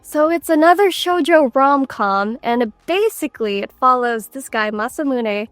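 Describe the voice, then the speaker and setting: A woman's voice: sits high, expressive, normal speed, dry recording, soft background music. A young adult woman, a voice actress, chatting in an interview and telling stories with animation and frequent laughs. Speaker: voice actress guest. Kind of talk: casual interview chat.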